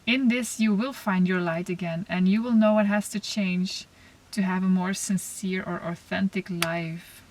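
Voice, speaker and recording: A woman giving a spiritual oracle card reading to camera, talking softly and reflectively, with pauses and restarts. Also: medium pitch, steady tone. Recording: slightly distant mic, faint noise.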